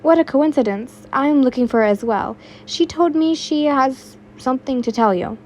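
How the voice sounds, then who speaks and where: A woman's voice: sits high, normal speed, darkish tone, a little hiss or hum, pitched above the performer's own voice, close to an everyday voice. Brief: loyal earnest young scholar, storybook reading, read by a woman in her own voice.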